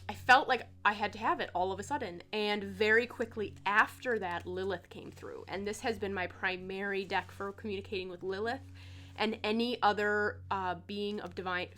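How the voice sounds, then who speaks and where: A woman's voice: mid-range voice, fairly even intonation, normal speed, bright, forceful tone. A woman talking casually to her viewers as a tarot vlogger, chatty and loose, with lots of "like" and "um" as she shows cards to the camera. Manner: chatty, filler-heavy with frequent "like" and "um". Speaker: tarot content creator. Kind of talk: casual chat.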